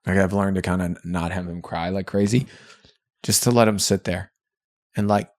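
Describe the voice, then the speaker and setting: A man's voice: low-pitched, steady tone, moderate pace, no echo, studio quality. A man co-hosting a podcast, talking in an earnest, reflective and chatty way with lots of fillers. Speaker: podcast co-host. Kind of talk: candid podcast conversation.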